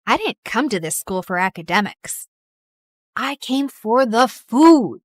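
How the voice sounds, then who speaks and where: A cheeky, food-crazy teen schoolgirl, acted by a woman in an animated story. Her voice sits a little high and sounds dramatic, in a dry, close recording. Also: a little slow, no echo.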